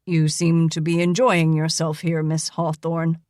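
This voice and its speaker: Brief: gruff, curt wounded army doctor, male, lower and louder than the narrator's voice, read by a woman. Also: flat delivery, unhurried, dry recording, studio quality.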